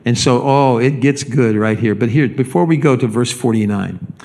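A man's voice: medium pitch, moderate pace, darkish tone. A man preaching a sermon as pastor, speaking emphatically and often repeating words as he builds a point.

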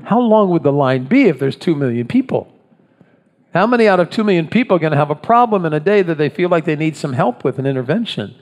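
A man's voice: a little high, animated, fast, darkish tone. A man preaching a sermon in a conversational way, often restarting his phrases and acting out voices. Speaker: pastor. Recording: long hall reverb.

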